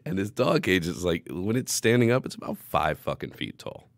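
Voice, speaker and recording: Man, podcast co-host, casual chat, profane and animated, very deep voice, dry sound. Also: normal speed, no room sound.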